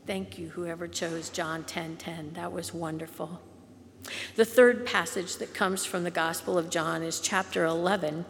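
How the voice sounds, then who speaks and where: Slow-speaking woman pastor in a reverberant hall. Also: lowish voice, a little hiss or hum. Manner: slow, gentle, drops to soft whispers on quoted lines. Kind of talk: sermon.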